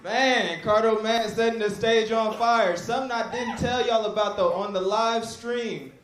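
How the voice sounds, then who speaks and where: A man with a high voice emcees a live comedy night, hyping up the room with loose, cussing banter. He keeps the show moving between acts. The club sounds echoey, and room noise sits clearly behind him. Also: unhurried, a bit bright. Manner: hyped, loose, profane banter.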